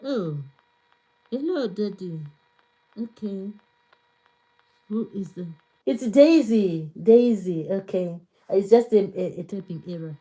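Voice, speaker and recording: A woman's voice: medium pitch, expressive, slow pace, long pauses, dark tone, rough recording. A woman hosting a cooking livestream, chatting casually, greeting viewers and reading their comments, repeating herself and laughing often. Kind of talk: casual live-stream chat reading comments.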